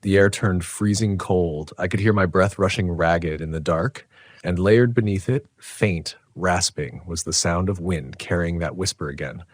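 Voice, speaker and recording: Male narrator, deep, dry booth sound, tense hushed horror storytelling. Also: unhurried, dry recording.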